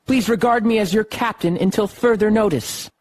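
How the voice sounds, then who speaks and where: A man voicing a brave, earnest young boy in a high, breathy voice in an audiobook. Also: normal speed. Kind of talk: audiobook character voice.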